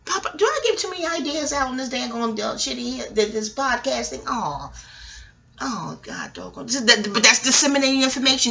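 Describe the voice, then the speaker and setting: A woman's voice: a little high, lively intonation, normal speed, vocal fry, bright, forceful tone. A woman podcast host and astrologer talking in a rambling, digressive chat, swearing freely. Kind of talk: casual chat.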